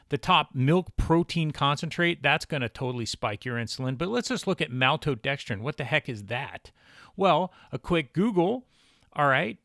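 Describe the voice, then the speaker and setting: A man's voice: a little high, a bit bright, no room sound, clean studio sound. A man talking in a casual instructional vlog about diet, emphatic, exasperated and blunt. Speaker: keto diet vlogger.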